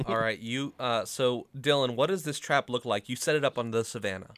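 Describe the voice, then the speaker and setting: A man's voice: mid-range voice, fairly quick, a bit bright, dry recording. A man narrating as game master for a tabletop role-playing game, casual and hesitant with fillers.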